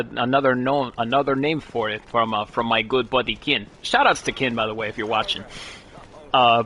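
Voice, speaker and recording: A man's voice: medium pitch, a bit bright. A young man commentating casually while playing a game, jokey and playful and fond of silly accents. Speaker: gaming streamer. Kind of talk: casual let's play commentary.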